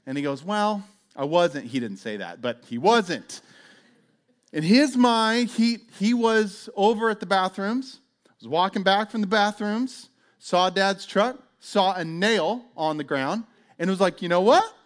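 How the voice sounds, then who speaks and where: Middle-aged pastor guy telling a story in church, slightly high voice, casual and chatty. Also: unhurried. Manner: storytelling, conversational, animated quoted voices. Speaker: pastor and police chaplain. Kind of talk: sermon.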